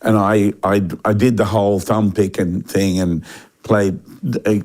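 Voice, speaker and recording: An older man with an Australian accent, a musician guest telling animated stories and acting out the people he quotes. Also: on the low side, measured pace. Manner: animated storyteller, acts out quoted voices, frequent restarts. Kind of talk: relaxed storytelling interview.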